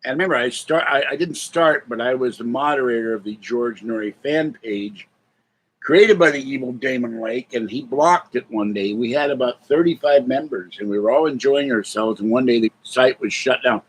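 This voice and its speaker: A man's voice: medium pitch, moderate pace, breathy edge, rough recording. Older man rambling on a live stream. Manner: rambling, talks softly to his cats. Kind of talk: casual live stream chat. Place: home.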